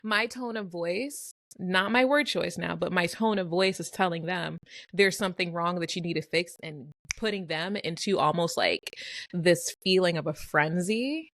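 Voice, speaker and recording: A woman's voice: lowish voice, moderate pace, fairly bright tone, dry recording, clean studio sound. Reflective woman co-hosting a chat. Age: young adult to middle-aged, a mother. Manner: reflective, tells stories with little laughs. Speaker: podcast co-host. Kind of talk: casual podcast chat.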